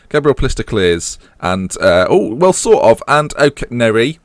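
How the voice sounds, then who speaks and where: A man's voice: mid-range voice, sing-song, moderate pace, no echo. A man commentating on his own football management game, mixing match calls with rambling jokes and asides. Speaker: gaming channel host.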